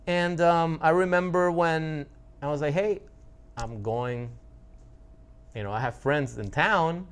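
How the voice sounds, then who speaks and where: Blunt, profane man with a higher voice. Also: smooth. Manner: blunt and profane, with frequent restarts. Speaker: relationship coach. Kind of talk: casual monologue.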